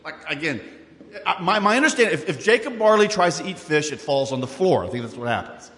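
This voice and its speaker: Animated male preacher in a reverberant hall. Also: on the high side, fast talker. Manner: animated, conversational preaching with asides and repetitions. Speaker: pastor. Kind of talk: sermon.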